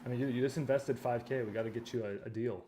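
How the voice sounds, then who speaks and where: A man hosting a casual training livestream from a home studio, talking loosely with slang and quick restarts. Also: medium pitch, steady tone, warm tone, a little hiss or hum. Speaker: host of a real estate training livestream. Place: backup home studio at his father's house.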